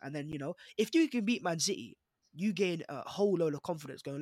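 A man's voice: on the high side, animated, husky, no room sound, clean studio sound. A young man with a London accent arguing emphatically in a casual football podcast debate. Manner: fast, emphatic, argumentative. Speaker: podcast panelist, Arsenal fan.

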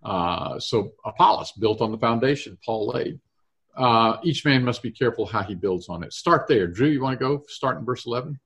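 A man's voice: mid-range voice, lively intonation, moderate pace, a bit bright. A man leading a casual Bible study discussion, reading verses aloud and thinking through their meaning.

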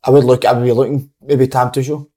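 Cheeky fast-talking man. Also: flat delivery, dark tone, husky. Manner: cheeky, pitches bold opinions. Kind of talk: casual football chat.

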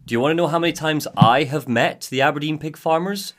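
A man's voice: on the high side, fast. A man co-hosting a podcast, chatting casually and joking with his co-host. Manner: animated, joking banter. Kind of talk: casual chat.

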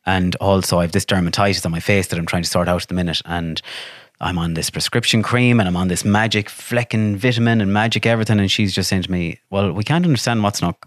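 A man with an Irish accent, a podcast guest telling stories in lively, profane casual chat and acting out what people said. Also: sits low, fast, hardly any pauses, dry recording, studio quality. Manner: animated, swears freely, acts out quotes.

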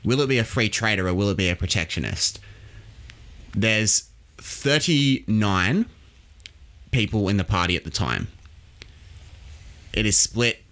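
A man's voice: fairly low pitch, expressive, a little slow, pauses often, fairly bright tone. An Australian man hosting a podcast, explaining history casually and quizzing his co-host.

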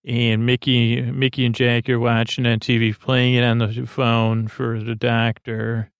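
A man hosting a bedtime podcast, retelling a TV episode in a halting, rambling way with many fillers and restarts. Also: medium pitch, level tone, clean tone, dry recording. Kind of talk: sleepy rambling recap.

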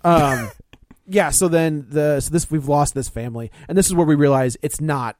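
A man's voice: a little high, normal speed, a little mellow, dry recording, studio quality. A man co-hosting a podcast, recapping a film in a loose, chatty way with frequent restarts. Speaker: podcast co-host. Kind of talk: casual movie-discussion chat.

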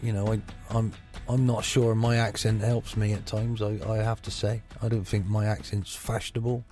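Music plays faintly behind this middle-aged football manager as he gives a frank, chatty radio interview in a Gloucestershire burr, restarting his sentences again and again. His delivery is flat and moderately paced, his lowish voice dark in tone.

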